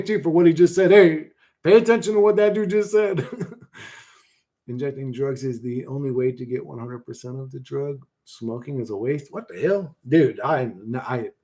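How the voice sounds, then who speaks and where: A man's voice: fairly high pitch, warm tone. A man hosting a casual livestream, reading chat and answering bluntly with lots of swearing and "bro.".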